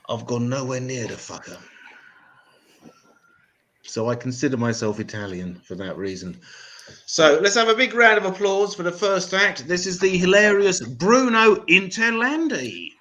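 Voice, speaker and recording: An English man working the room as a comedy MC, his voice swinging up and down with lively pitch. He talks with a sarcastic, deadpan bite and drops casual swearing into his asides. He sounds like a stage mic in a live comedy venue. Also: poor audio. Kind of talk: stand-up comedy hosting.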